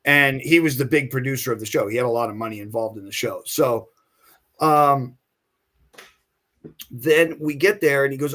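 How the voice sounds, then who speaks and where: A middle-aged actor, appearing as a podcast guest, tells an anecdote in a casual, animated way with a mid-range voice at a fairly quick clip. He acts out other people's lines as he goes and restarts his sentences often.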